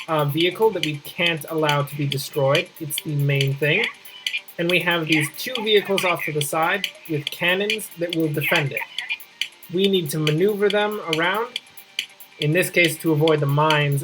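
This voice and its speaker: A man hosting a casual gameplay video, reading game text aloud between jokey asides and sudden excited outbursts. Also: on the high side, normal speed, music in the background, low-quality recording. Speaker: gaming video host.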